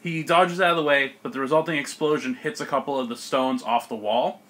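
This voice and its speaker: A man's voice: medium pitch, brisk, fairly bright tone. A young man narrating as game master of a tabletop game, laughing often as he describes the action.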